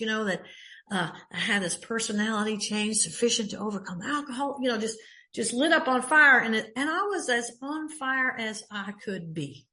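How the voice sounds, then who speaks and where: A woman's voice: medium pitch, fairly bright tone. An older woman from Texas with a Texan accent, speaking at a recovery meeting in a folksy, chatty way with many fillers and restarts. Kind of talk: personal share at a meeting.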